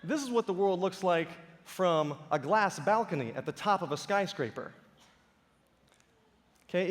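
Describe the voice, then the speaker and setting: A man's voice: sits high, in a large hall. A man giving a conference talk to a live audience, telling stories animatedly with playful impressions. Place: large auditorium stage.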